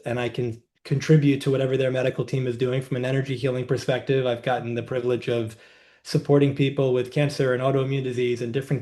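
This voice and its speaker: In a podcast interview, a male healer and coach appears as a guest and recounts stories about his clients. His mid-range voice has a darkish tone, and he speaks in a measured, reflective way.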